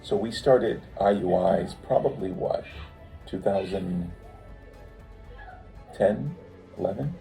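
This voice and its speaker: A man's voice: deep voice, takes it slowly, gravelly, pauses often, dark tone, faint music behind, rough recording. A man in a heartfelt conversation with his wife, reflective and searching for words. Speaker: co-host, her husband.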